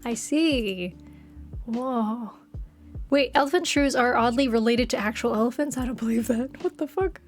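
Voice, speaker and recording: A woman streamer chats casually into her desk microphone, reacting to chat at a moderate pace in a bright, high-pitched voice. She giggles a lot and gets excited easily, with faint music playing quietly behind her.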